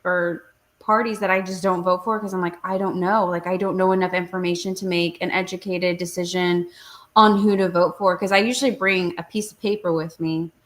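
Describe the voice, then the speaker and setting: A woman in casual talk-show chat, telling stories in an animated way and acting out what people said. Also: fairly low pitch, a little fast. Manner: animated storyteller, acts out quotes.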